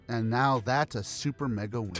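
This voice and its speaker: A man on a casual podcast, speaking at an ordinary mid pitch. He vents with frustration, swears freely and repeats his points, and faint music sits behind him. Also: a bit bright. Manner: frustrated, profane, repeating himself. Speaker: podcast co-host.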